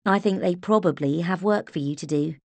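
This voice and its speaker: Gentle nurse, read by a woman. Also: fairly low pitch, a little fast, no room sound, lightly acted. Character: kind, steady young woman nurse.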